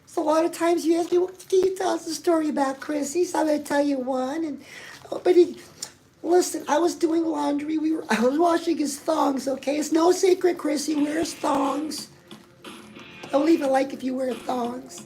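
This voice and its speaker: Loud background music runs under this rough recording of a woman with a high voice. She's doing a comedic monologue as a pushy, upbeat lifestyle guru, gushing and chatting directly to the viewer, whom she repeatedly addresses as "girl."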